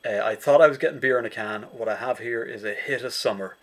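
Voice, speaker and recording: An Irish man hosts a relaxed online get-together, wandering through his thoughts with dry, jokey asides. He speaks at an ordinary pitch over a video call. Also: quick pace. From Ireland. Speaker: host. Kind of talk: casual chat.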